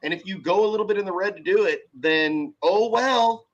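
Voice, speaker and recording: A man's voice: high voice, fast, dull audio. A man hosting a casual podcast chat, telling stories in a profane, rambling way. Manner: profane, rambling, animated storytelling. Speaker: podcast host, car audio shop owner.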